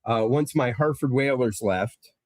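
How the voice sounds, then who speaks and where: A man's voice: mid-range voice, unhurried, a little mellow, no echo. A man from Connecticut, chatting casually on a podcast and telling stories with lots of fillers and restarts. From Connecticut, USA. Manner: rambling, storytelling with many fillers. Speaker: guest presenter.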